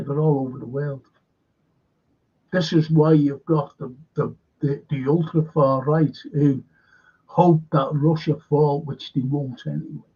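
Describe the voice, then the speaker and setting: Slow, gravelly man, rambling. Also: a little high, warm tone, muffled recording. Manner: halting, repeats words, sarcastic. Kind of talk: rambling opinionated monologue.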